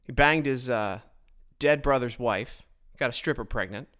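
A man's voice: mid-range voice, moderate pace, a bit bright. A man hosting a podcast, delivering a blunt, sarcastic political monologue into his own microphone, often stumbling and restarting his sentences. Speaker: podcast host.

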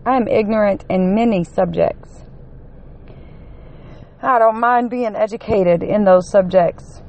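A woman giving an angry, profanity-filled rant to her camera, running on one hour of sleep and climbing to shouts when her temper peaks. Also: mid-range voice, a little slow. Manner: heated, swearing constantly, rising to shouts. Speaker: vlogger.

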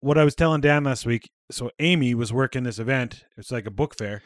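A man co-hosting a casual podcast, rambling from one thought to the next and swearing freely. He talks quickly, and his voice sits dry and close to the mic. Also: mid-range voice, no echo. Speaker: podcast co-host. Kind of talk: casual chat.

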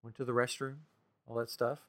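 A man's voice: mid-range voice, fairly quick. A man co-hosting a podcast, casually retelling a frustrating experience with lots of quoted back-and-forth. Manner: animated, exasperated retelling with quoted dialogue. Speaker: podcast co-host. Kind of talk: casual storytelling chat.

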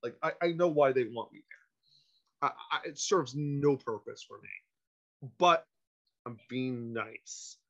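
A man, a podcast guest, telling a casual anecdote in an animated, self-interrupting way, on a dull lo-fi recording. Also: mid-range voice, takes it slowly, gravelly, long pauses.

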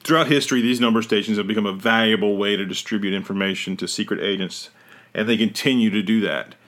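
A man's voice: fairly low pitch, fairly even intonation, quick pace, fairly bright tone. A man hosting a podcast in casual chat, rambling and often correcting himself mid-sentence. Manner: rambling, self-correcting, trails off. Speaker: podcast host.

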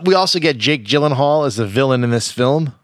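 A man co-hosting a casual movie podcast, making wry, deadpan observations. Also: medium pitch, brisk, over music. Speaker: podcast co-host. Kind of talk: casual movie review chat.

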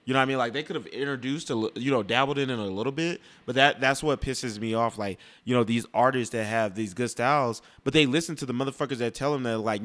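A man's voice: mid-range voice, quick pace, few pauses, a bit bright. Blunt, profane young man ranting. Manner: blunt, profane, rambling with restarts. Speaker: music commentator. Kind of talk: casual opinionated rant.

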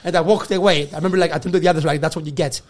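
A man's voice: on the high side, fairly even intonation, racing. A man, a guest comedian, telling a rowdy story in a casual chat, laughing and swearing as he acts out the people in it.

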